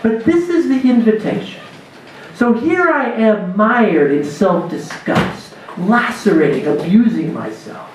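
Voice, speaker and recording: A man who teaches spirituality, telling a lively personal story to a church dinner gathering. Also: high-pitched, slight background noise. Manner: animated storyteller, acts out his own voice in quotes. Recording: echoey hall recorded from far off.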